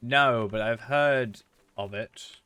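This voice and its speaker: A man's voice: mid-range voice, slow, bright, forceful tone, smooth, no echo. A young man live-streaming a video game, chatting casually with viewers in a chatty, self-mocking way and breaking into frustrated rants. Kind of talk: casual live-stream chat while gaming.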